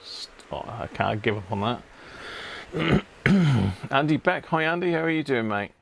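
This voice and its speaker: A chatty man with an everyday mid-pitched voice hosts a casual live stream from his home workshop. He greets viewers one by one and clears his throat now and then. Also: expressive, unhurried.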